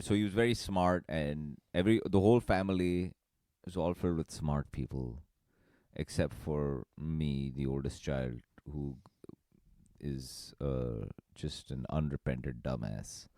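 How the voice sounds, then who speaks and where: A man co-hosting a podcast in casual comedic chat, laughing often and swinging between low mutters and loud bursts. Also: measured pace, dry recording, clean studio sound. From Indian family background. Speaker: podcast co-host.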